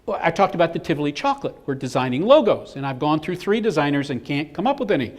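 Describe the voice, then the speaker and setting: A middle-aged man speaking at a business seminar in a fairly high voice. His pitch moves a great deal as he tells his stories and acts out the people in them. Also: fast talker. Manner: animated storyteller acting out quotes. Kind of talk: live seminar presentation.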